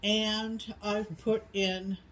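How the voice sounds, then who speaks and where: A middle-aged woman from New England co-hosting a casual chat, rambling slowly with many ums. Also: mid-range voice, little pitch movement, fairly bright tone, a little hiss or hum, low-quality recording. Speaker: co-host.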